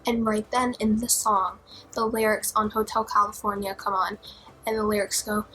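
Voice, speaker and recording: A young woman vlogger telling a scary personal story in a dramatic, profane way, dropping to whispers and rising to near-shouts. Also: mid-range voice, level tone, moderate pace, rough recording. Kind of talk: storytime vlog.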